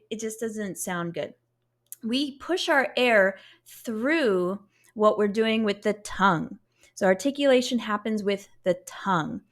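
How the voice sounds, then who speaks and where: A woman's voice: mid-range voice, fairly bright tone. A woman teaching a beginner saxophone lesson, explaining patiently step by step and sounding out syllables to demonstrate.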